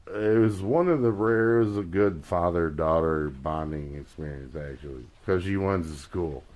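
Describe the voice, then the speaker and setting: Very deep-voiced drunk man rambling. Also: normal speed, a little mellow. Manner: crude, swearing, slurred rambling. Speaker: livestreamer. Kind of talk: rambling casual chat.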